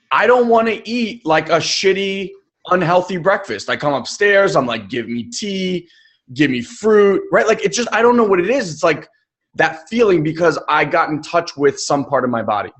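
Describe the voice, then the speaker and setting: A man's voice: fairly high pitch, fairly bright tone. A man coaching in a live webinar, speaking emphatically and casually, with occasional swearing. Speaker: life coach.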